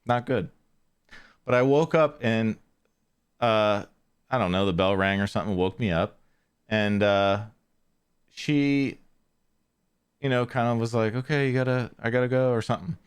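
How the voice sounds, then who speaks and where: A man hosting a podcast, telling a casual story in a rambling way, often correcting himself and trailing off quietly. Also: medium pitch, unhurried, pauses often, clear, resonant tone. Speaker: podcast host.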